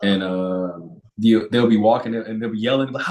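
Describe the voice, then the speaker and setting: A young man, a football player, chatting as a guest and telling stories with laughs, raising his voice high to act out quotes. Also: quick pace, few pauses, a little mellow. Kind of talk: casual interview chat. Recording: roomy echo.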